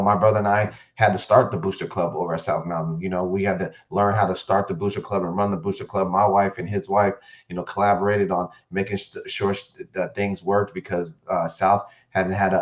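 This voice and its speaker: A male football coach recounts stories as a podcast guest. His voice sits a little low, and he speaks casually with frequent fillers and restarts. He animates his stories by voicing the people in them. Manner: animated storyteller who acts out quotes, many fillers and restarts. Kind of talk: interview storytelling.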